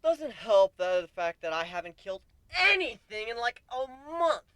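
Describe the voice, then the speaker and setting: Animated young-sounding male storyteller. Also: sits high, moderate pace, clean tone, no echo. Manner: animated, swings from deadpan to yelling. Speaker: narrator. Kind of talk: dramatic reading of a story.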